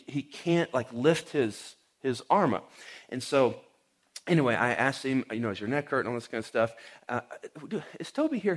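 A man, a pastor, giving a conversational sermon and telling a personal story with casual fillers and acted-out quotes. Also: a little high.

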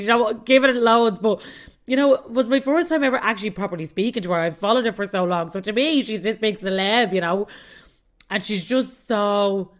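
A woman's voice: medium pitch, a bit bright. Bubbly Irish woman podcast host. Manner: bubbly, chatty, laughs often. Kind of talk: casual solo podcast chat.

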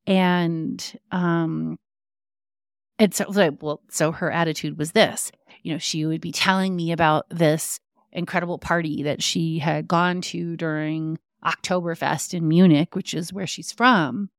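A woman's voice: deep voice, steady tone, unhurried, dry recording, studio quality. A woman hosting a podcast, telling personal stories in a rambling way with frequent ums and restarts. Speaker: podcast host. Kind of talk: personal storytelling.

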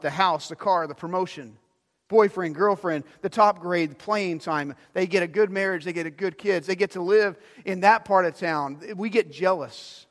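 Middle-aged male pastor, fairly high voice, preaching with loud emphatic swells and soft asides, church hall reverb. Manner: shifts from loud emphasis to quiet, drawn-out asides. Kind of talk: sermon. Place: church sanctuary.

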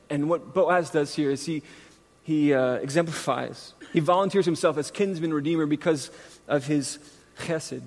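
Man preaching in a reverberant hall. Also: fairly high pitch. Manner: conversational, self-deprecating, animated storytelling. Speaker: pastor. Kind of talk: sermon with a personal story. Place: church sanctuary. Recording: long reverb from a large hall.

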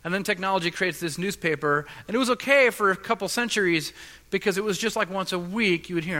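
A man preaching a sermon as a pastor, earnest and halting, often repeating his words. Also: sits high, bright, forceful tone. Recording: long reverb of a large hall.

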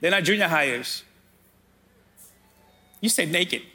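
A man's voice: on the high side, lively intonation, slow pace, pushed and bright, faint music behind. A man preaching a sermon as pastor, calling out directly to his congregation.

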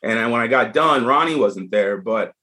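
A man telling a story as a podcast guest in casual conversation, animated and frank, with frequent restarts. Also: medium pitch, moderate pace.

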